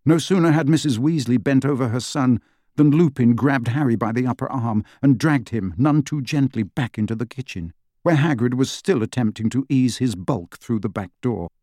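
A man reading a novel aloud as an audiobook narrator, with expressive storytelling. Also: medium pitch, moderate pace, dry recording, studio quality. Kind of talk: scripted narration.

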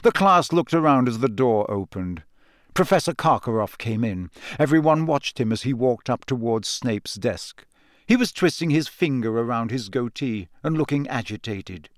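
A man narrating an audiobook in a steady, measured reading voice. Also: mid-range voice, no room sound, studio quality. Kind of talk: scripted narration.

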